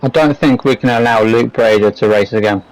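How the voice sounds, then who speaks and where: A man co-commentates on a live online race. He weighs up the drivers in a measured, analytical way and reads out penalties. His voice sits at a mid pitch over faint background noise. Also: a little mellow, poor audio. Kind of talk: live sim racing commentary.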